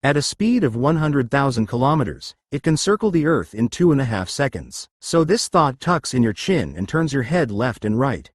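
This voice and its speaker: A man's voice: mid-range voice, sing-song, normal speed, few pauses, no echo, clean studio sound. A man teaching an exercise lesson, explaining and often checking whether listeners follow. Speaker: exercise instructor.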